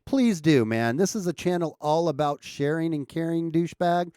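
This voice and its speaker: A man's voice: on the high side, normal speed, dark tone, clear, resonant tone, no echo, clean studio sound. An American man hosting a casual livestream, chatting loosely and reading viewers' comments with frequent restarts and chuckles. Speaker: livestream host.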